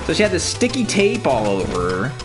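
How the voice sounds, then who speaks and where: A man's voice: fairly high pitch, wildly swooping pitch, fairly quick. A man ranting to his viewers in casual, profane talk, telling stories with mocking impressions. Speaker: streamer. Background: video game music.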